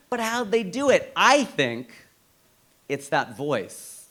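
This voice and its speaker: An American stand-up comedian with a bright, fairly high voice that leaps up and down in pitch as he lands his punchlines. His delivery is punchy and animated, building to loud emphatic peaks. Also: slow. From United States. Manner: animated, punchy storytelling with big pitch swings. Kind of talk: stand-up set.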